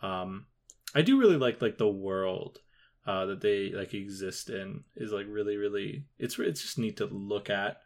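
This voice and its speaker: A man's voice: on the low side, a little slow. A man co-hosting a podcast, chatting casually about a film, full of fillers and restarts. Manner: hesitant, filler-heavy, with sudden upward bursts. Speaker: podcast co-host.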